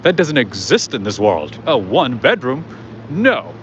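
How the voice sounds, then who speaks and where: A scoffing, incredulous doorman, as a street-walking man acts him out, sounding mock-indignant. Loud traffic and city noise surround him, and the sound is a little muffled. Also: mid-range voice, sing-song, a little slow.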